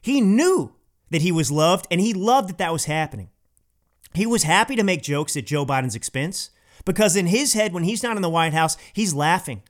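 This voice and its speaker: A man with a noticeably high voice hosts his own podcast. He delivers a political opinion monologue in an emphatic, indignant tone and repeats his points for stress. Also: lively intonation, normal speed. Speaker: podcast host.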